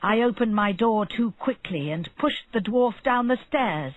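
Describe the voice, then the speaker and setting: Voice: mid-range voice, animated, unhurried, dry recording, pitched above the performer's own voice, lightly acted. A narrator doing a frantic whispering doctor. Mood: confessing. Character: panicked male doctor, fretful. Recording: narrow phone-like sound.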